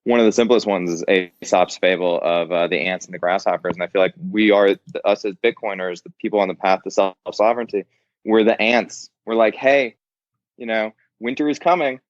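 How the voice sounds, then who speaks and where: A man's voice: fairly low pitch, steady tone, brisk, no echo. A man talking as an interview guest in casual chat, blunt and profane, laughing often. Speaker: podcast guest. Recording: dry, dull lo-fi sound.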